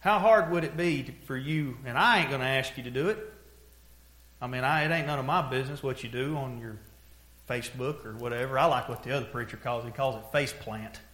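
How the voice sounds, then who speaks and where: A man preaching a sermon, telling folksy stories and moving from hushed, heavy moments to loud, pressing exhortation. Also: medium pitch, a little fast, roomy sound.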